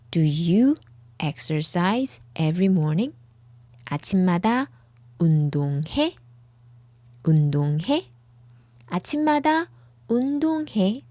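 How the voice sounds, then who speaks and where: A woman's voice: fairly low pitch, mellow, dry recording. A woman giving a language lesson, patiently saying each word several times over, recorded close up. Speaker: Korean language teacher. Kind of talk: slow lesson, repeating words for the viewer.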